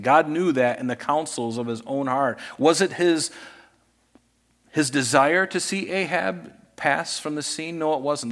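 A man delivering a sermon in a church, his voice at a middle pitch carrying a long reverb tail from the hall. He talks conversationally, slipping into lively retellings of scripture scenes as he goes. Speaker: preacher.

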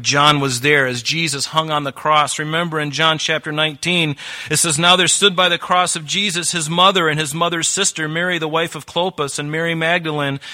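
Bright-voiced preaching man. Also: a little high. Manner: animated preaching, acts out quoted voices. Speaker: pastor. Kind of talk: sermon.

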